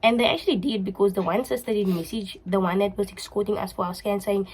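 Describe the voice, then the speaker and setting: A woman's voice: medium pitch, fast, darkish tone, breathy edge, low-quality recording. A young woman with a South African accent telling a personal story in a casual, emotional way, slipping into Afrikaans words. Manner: emotional, repetitive, switches into Afrikaans. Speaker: vlogger.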